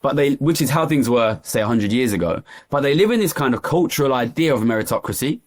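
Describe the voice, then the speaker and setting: An East London man with a mid-range voice talks fast with lively intonation. As an economist guest in a candid interview, he speaks passionately and repeats phrases for emphasis.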